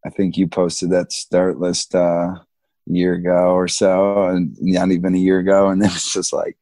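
Laid-back low-voiced man telling ski stories. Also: completely flat delivery, normal speed, dark tone, dry recording. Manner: laid-back, slangy, laughs often, acts out quotes. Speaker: guest, big mountain skier. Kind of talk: casual storytelling interview.

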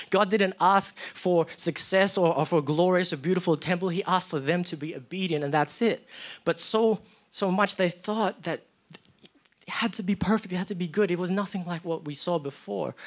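A young man delivers a church sermon with lively, animated storytelling, slipping into voices for the people he describes. His voice sits somewhat high for a man. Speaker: preacher. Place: church, live stream.

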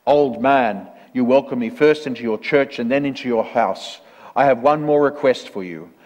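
Man doing a loud, sneering demon. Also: medium pitch, moderate pace, lo-fi sound, close to an everyday voice. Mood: menacing. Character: hissing, menacing male demon, towering and cruel. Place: church. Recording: long church reverb.

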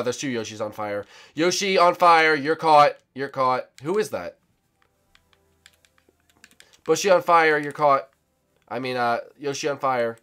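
A young man hosting a gaming channel, giving excitable, teasing commentary with sudden shouts. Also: medium pitch. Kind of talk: casual game commentary.

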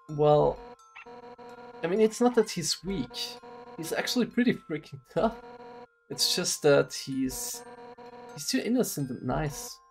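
A man reading a game's lines aloud, voicing a hot-headed female guard captain in a brash, loud, teasing way. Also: a little high, gravelly. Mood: earnest. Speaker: streamer reading game dialogue aloud. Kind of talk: let's play voice reading.

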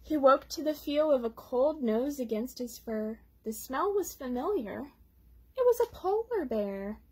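A woman reading a children's picture book aloud at storytime, gently pausing to explain words for young listeners. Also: high-pitched, animated, breathy edge. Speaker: storytime reader.

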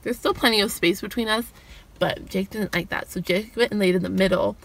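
A woman's voice: brisk, vocal fry. A young woman telling a storytime vlog, chatty and full of "like", acting out the quotes with a lifted voice. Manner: chatty, fillers like "like", acts out quotes in a higher voice. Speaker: vlogger.

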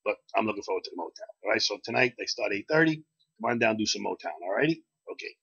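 A man's voice: on the low side, lively intonation, a bit bright, slightly rough, no room sound. A man hosting a bar's daily video, chatting casually and telling a joke in a folksy, chatty way. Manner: chatty, fast, folksy with corny openers. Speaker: bar host. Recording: dull lo-fi dry sound.

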